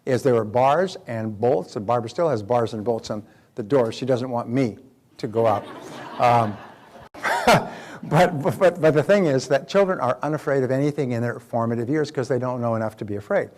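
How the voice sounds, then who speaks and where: A man's voice: mid-range voice, lively intonation, normal speed, a little mellow. An older man, a motivational speaker, lecturing in an emphatic, repetitive way and telling anecdotes with acted-out quotes.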